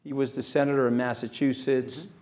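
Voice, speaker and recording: Middle-aged man telling a story. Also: medium pitch. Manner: fast, animated, acts out quoted voices. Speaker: guest. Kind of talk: anecdotal storytelling in an interview. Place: event venue.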